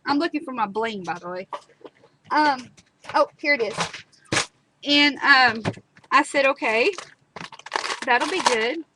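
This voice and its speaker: A craft video host with a high, lively voice speaks a little slowly and pauses often. On a live stream with clear background noise, she chats and tells stories while demonstrating a craft project, using dramatic repetitions.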